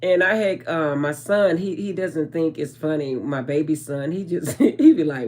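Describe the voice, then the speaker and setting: A woman's voice: deep voice, moderate pace, few pauses, darkish tone. A woman channeling spiritual messages in a casual vlog, talking straight to her viewers in a chatty way. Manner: chatty, addresses viewers as guys, trails off with um.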